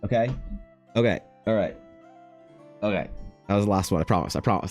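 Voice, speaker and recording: A man's voice: on the low side, fairly quick, a little mellow, soft background music. A young Canadian man chatting casually with his stream while he draws, rambling, swearing and laughing as he talks to chat. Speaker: artist streaming while drawing.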